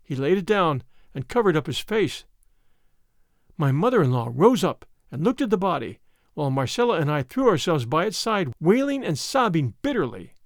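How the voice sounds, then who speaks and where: Man reading a story aloud, high voice, lots of lilt, dry sound. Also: big pitch swings, dry recording. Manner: measured, dramatic storytelling. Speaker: audiobook narrator. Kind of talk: scripted first-person narration.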